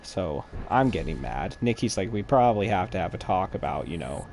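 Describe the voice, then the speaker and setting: A man's voice: deep voice, sing-song, fairly quick, creaky, a little mellow, slight background noise. A man streaming a game while chatting, telling a long, rambling, profane story in an exasperated, casual way.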